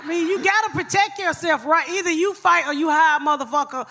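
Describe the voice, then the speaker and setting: A woman's voice: extremely high pitch, brisk, pushed and bright. A woman podcast host telling profane comic stories on a live stage, brash and blunt, laughing through her tales.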